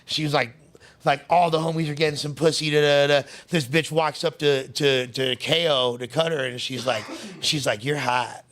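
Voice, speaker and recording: A man's voice: fairly high pitch, fairly even intonation, moderate pace, fairly bright tone. A man telling stories as an interview guest, in slangy, streetwise casual talk with lots of fillers, acting out the people he quotes. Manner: acts out the voices of people he quotes.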